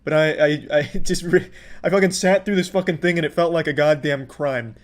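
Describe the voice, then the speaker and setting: Commentary host, male, thirties, slightly higher voice, exasperated profane ranting. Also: steady tone, normal speed. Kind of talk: reaction commentary.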